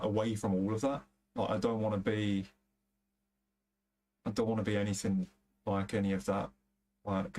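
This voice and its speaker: A man's voice: lowish voice, a little mellow, slight background noise. A young man with a London-area accent, chatting casually and rambling on a game stream, swearing freely and using plenty of fillers. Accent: London area English. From England. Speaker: gaming streamer. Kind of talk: casual chat while streaming a football game.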